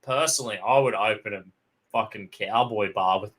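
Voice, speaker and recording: A man's voice: fairly low pitch, normal speed, fairly bright tone, slightly rough. An Australian man chatting as co-host, swearing constantly and telling rowdy pub anecdotes. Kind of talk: casual chat.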